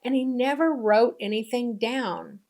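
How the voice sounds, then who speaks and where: A woman's voice: fairly high pitch, animated, a little slow, a little mellow. A woman spiritual teacher talking in a casual, conversational way, often repeating her points for emphasis.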